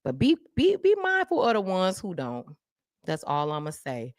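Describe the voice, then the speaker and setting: Animated woman host, preacher-like calls. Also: lowish voice, moderate pace, no room sound, clean studio sound. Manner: animated, preacher-like call and response. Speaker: podcast host. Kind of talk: live-stream chat with viewers.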